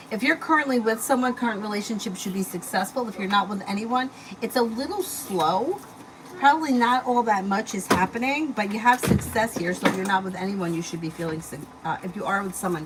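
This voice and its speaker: A woman's voice: mid-range voice, fairly quick. A woman giving a live-stream tarot reading, reading out viewer questions and answering casually with fillers. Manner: reads viewer questions aloud, then answers loosely with fillers. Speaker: tarot reader. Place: home. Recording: noisy home recording.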